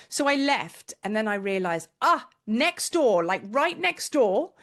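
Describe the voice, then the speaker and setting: A woman's voice: medium pitch, a little fast, few pauses. A middle-aged woman, a spiritual teacher, telling a personal story in a chatty, emotional way and acting out what she said. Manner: chatty, emotional, animated quoting of herself. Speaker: spiritual teacher and tour leader. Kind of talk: casual storytelling to camera.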